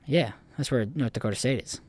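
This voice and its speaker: A man's voice: mid-range voice, a little fast, darkish tone, husky. A young man in casual chat, brash and insistent, swearing a lot.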